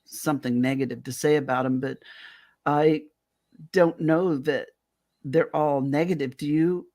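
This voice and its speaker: A woman's voice: deep voice, fairly even intonation, a little slow, warm tone. A woman co-hosting a radio talk show, chatting casually and murmuring supportively. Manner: supportive, frequent backchannel murmurs. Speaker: co-host.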